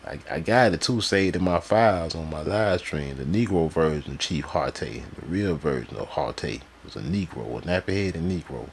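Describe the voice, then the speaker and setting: Man, very low voice, live streamer, reads sources aloud, slangy mocking commentary, faint background noise. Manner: loose slangy talk, quick to laugh and mock.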